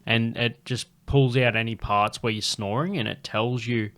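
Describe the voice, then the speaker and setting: A man's voice: mid-range voice, steady tone, normal speed, fairly bright tone. A man, a comedian chatting casually on a podcast, laid-back and swearing freely.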